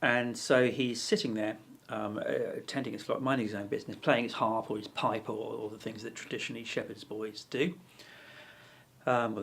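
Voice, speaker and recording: A man's voice: on the low side, flat delivery, moderate pace, creaky, fairly bright tone, a little hiss or hum. A man teaching ukulele and telling a joke in a rambling, hesitant way with lots of fillers. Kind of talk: casual lesson, telling a joke.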